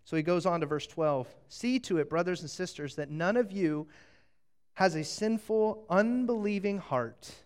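A man's voice: high-pitched, clear, resonant tone. A man preaching a sermon, telling the story with jokes and acted-out asides. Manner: animated, jokey, acting out quick asides.

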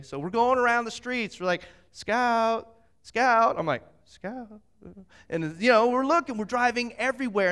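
A middle-aged man preaching a sermon, moving from slow scripture reading to lively, animated storytelling. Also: high-pitched. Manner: animated storytelling, acts out quotes. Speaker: pastor.

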